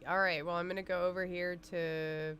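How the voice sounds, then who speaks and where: A woman's voice: fairly low pitch, flat delivery, normal speed, a bit bright, a little hiss or hum. A woman co-hosting a podcast, chatting casually and giggling while playing a game on a livestream. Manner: giggly, chatty, lots of fillers. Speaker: podcast co-host.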